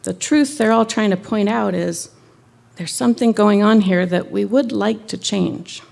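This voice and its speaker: A woman minister giving a sermon in a conversational, gently wry way. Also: mid-range voice, unhurried, creaky.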